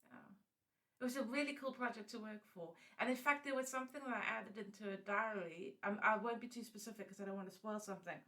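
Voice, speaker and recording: A woman in a relaxed interview conversation, her voice bright and forward. She talks in an animated way, jumping in quickly with her views. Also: medium pitch. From South Africa. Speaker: guest. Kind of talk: casual interview chat.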